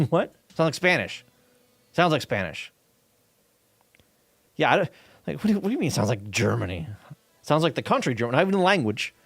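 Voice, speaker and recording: He streams while coding a game, chatting loosely with viewers: rambling, leaning on fillers, swearing casually, and reading chat out loud. His high-ish voice is sing-song and racing, with vocal fry and slight roughness. The recording is dry, with soft music underneath.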